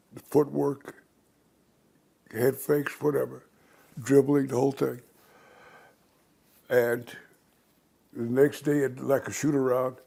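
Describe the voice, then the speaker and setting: An older man with a gravelly, somewhat husky voice tells his life stories at a steady pace. He rambles a little and slips into the voices of the people he quotes. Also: medium pitch. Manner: rambling anecdotal storyteller who acts out quoted voices. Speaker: interview guest. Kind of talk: storytelling in an interview.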